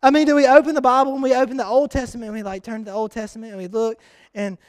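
A young man preaches in a high, smooth and clear voice, recorded close and dry. He talks like he is chatting with the congregation, animated and full of restarts. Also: rapid-fire, no room sound. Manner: conversational, animated storytelling with frequent restarts. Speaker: pastor. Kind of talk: sermon.

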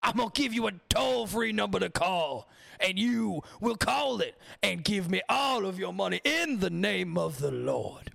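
A man voicing a greedy, over-the-top male megachurch preacher who shouts and pleads in a sermon cadence. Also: high-pitched, lively intonation, a little slow, vocal fry, exaggerated voice. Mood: pleading, grandiose.

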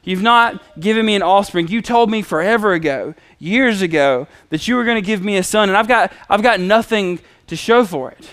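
A man voicing a frustrated aging patriarch who complains urgently and loudly to God. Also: high voice, expressive, takes it slowly, pauses often, no echo.

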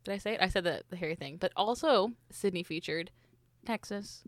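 A woman's voice: fairly low pitch, brisk, no echo. Young female co-host, chatty and giggly, dry close-mic sound. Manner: chatty, laughs often, trails off mid-sentence. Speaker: podcast co-host. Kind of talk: casual book chat.

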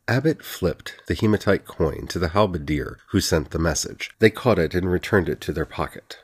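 A man narrating a fantasy audiobook in an even, steady reading. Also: deep voice, moderate pace, hardly any pauses, slightly rough.

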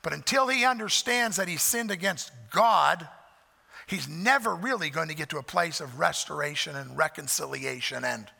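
A pastor preaching a sermon, earnest, repeating key phrases for emphasis. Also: male voice, high-pitched, creaky, sharp tone, big-room sound.

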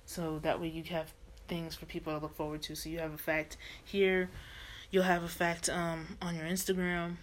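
A woman's voice: fairly low pitch, flat delivery, normal speed, a little hiss or hum. Easygoing young woman co-hosting a podcast. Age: 20s. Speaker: podcast co-host. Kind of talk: casual podcast chat.

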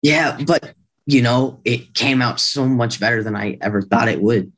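Young male actor guest, mid-pitched voice, modest and hesitant, lots of ums. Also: moderate pace, fairly bright tone. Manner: modest, hesitant answers with "um" and "you know". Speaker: actor being interviewed. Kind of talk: casual interview answers.

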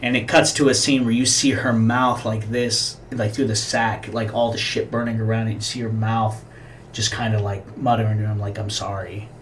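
A man's voice: on the low side, flat delivery, moderate pace, slight background noise. A man co-hosting a podcast, casually retelling a film scene in a profane, rambling way. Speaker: podcast co-host. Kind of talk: casual chat.

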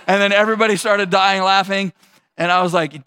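A male pastor giving a conversational sermon, telling a personal story with animated asides. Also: fairly high pitch, fast, clean tone.

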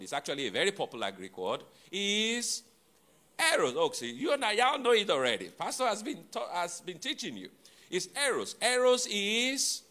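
A man preaching a sermon to his congregation, teaching deliberately, repeating and spelling out key words, with playful asides to the listeners. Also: sits high, bright, forceful tone. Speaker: pastor.

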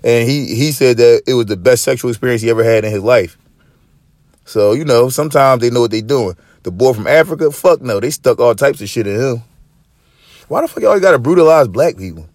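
A man's voice: mid-range voice, expressive, a little fast, a little mellow, no echo, studio quality. A man hosting a podcast in casual chat, swearing freely and rambling with many fillers and restarts. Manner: profane, rambling, lots of fillers and repeats. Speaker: podcast host.

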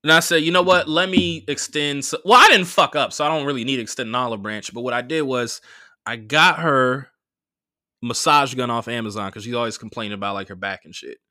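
Bright, punchy man telling a story. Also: medium pitch, brisk, dry recording, clean studio sound. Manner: animated retelling with profanity and quoted dialogue. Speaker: podcast host. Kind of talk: casual storytelling monologue.

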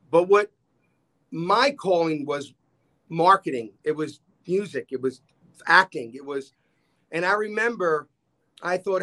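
A man, telling stories as a podcast guest and acting out the people he quotes. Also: fairly high pitch. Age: 60s. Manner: animated storyteller, acts out quoted dialogue. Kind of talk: casual storytelling chat.

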